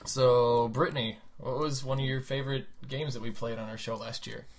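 A young man co-hosting a podcast, voice lowered from a cold, joking and rambling in casual chat. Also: fairly even intonation, moderate pace. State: sick, lowered voice. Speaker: podcast co-host.

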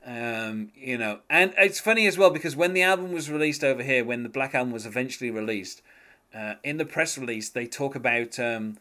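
A man's voice: medium pitch, expressive, brisk, sharp tone. Man rambling about music. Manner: rambling, many fillers, chuckles often. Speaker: podcast host. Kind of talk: casual music discussion.

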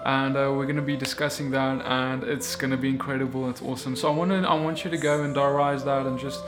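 A man's voice: mid-range voice, flat delivery, quick pace, over music. A man giving an earnest, emphatic Bible teaching in a casual video sermon, often restarting his sentences.

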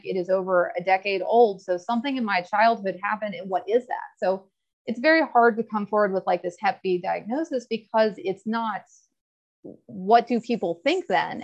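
A woman speaks candidly in a casual interview, recounting her experience in a mid-pitched, conversational voice. The audio is a little dull and lo-fi. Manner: candid, storytelling, quick asides and laughs. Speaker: podcast guest.

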